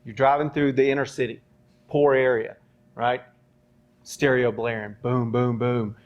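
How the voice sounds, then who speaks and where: A man's voice: mid-range voice, level tone, a little slow. A man who trained police recruits, telling a long story at a live university panel, with lots of ums and "right?" checks. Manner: rambling, many ums and rhetorical "right?". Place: university event space. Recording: dull lo-fi sound.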